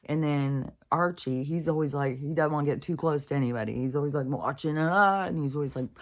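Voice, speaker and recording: Worn-out woman vlogger with a gravelly voice, swearing and rambling in casual monologue. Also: sits low, brisk. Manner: profane, venting, full of fillers. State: in pain, worn out.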